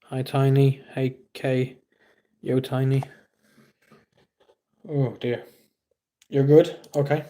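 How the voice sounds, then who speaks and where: A man's voice: medium pitch, level tone, takes it slowly, pauses often, warm tone. An English man hosting a casual livestream, reading viewers' chat aloud and answering with blunt, teasing remarks. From England. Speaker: livestream host.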